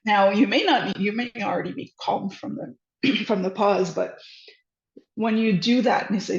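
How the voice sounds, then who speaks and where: A woman giving casual parenting advice, animated and quick to laugh, with frequent restarts. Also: mid-range voice, gravelly. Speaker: parenting educator. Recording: echoey room, dull lo-fi sound.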